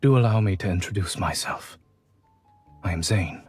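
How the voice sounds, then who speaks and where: Reserved young gentleman, low and breathy, formal and measured, game audio with light music. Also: dry recording. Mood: courteous. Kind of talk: game voice acting.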